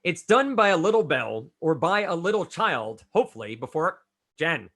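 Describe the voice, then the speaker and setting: A man hosting a trivia game, reading clues briskly and calling on players by name. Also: a little high, sing-song, a bit bright. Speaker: trivia quizmaster.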